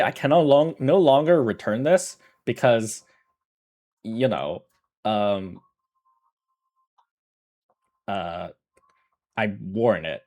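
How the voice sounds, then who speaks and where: Lively rambling male streamer. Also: medium pitch. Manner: rambling, self-correcting storyteller who laughs often. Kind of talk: casual livestream chat.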